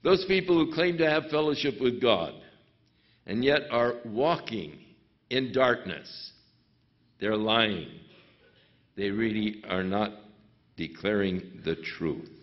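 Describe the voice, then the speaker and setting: A man preaching a sermon to a congregation, slow and deliberate, with sudden emphatic rises. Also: lowish voice, animated. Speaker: pastor. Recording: dull lo-fi recording.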